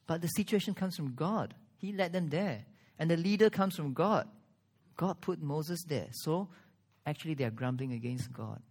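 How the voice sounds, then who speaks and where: A man preaching a sermon, earnest, with strong pauses and rising emphasis. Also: a little high, animated, darkish tone. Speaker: pastor.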